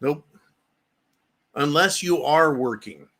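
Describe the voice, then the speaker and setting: A man's voice: fairly high pitch, slow pace, a bit bright. A middle-aged man hosting a political commentary show, ranting angrily with profanity and sarcastic mock quotes.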